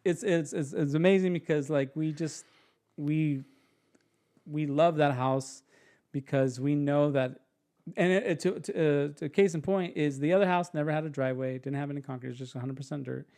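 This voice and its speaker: On a podcast, a young guest narrates a story casually and with gusto, mimicking others' voices and restarting quickly. His pitch is fairly high.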